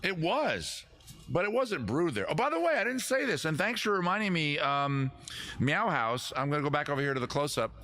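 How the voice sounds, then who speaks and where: A man's voice: a little high, big pitch swings, a little fast, sharp tone. A man hosting a live comedy stream with a guitar, rambling, self-mocking and giggling at his own jokes. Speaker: host.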